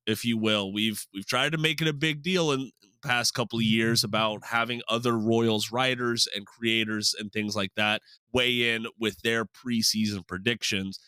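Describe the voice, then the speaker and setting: A man's voice: mid-range voice, smooth, no echo. Upbeat man hosting a podcast. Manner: upbeat, jokey, lively delivery. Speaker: podcast host. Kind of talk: casual sports podcast chat.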